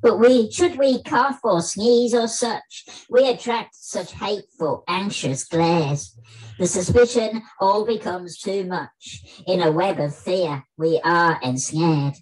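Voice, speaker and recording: A man putting on a high-pitched voice as a blustering, famous older actor in a comic spoken-word piece over a video call. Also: takes it slowly, low-quality recording. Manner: blustering, indignant comic monologue.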